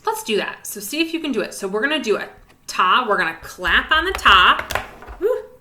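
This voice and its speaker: A woman teaches a music lesson on video for young children, cheerful and encouraging. Her pitch swings widely, her tone is bright, and the room echoes. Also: very animated, a little fast. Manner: cheerful, encouraging, sing-song with whispered rests.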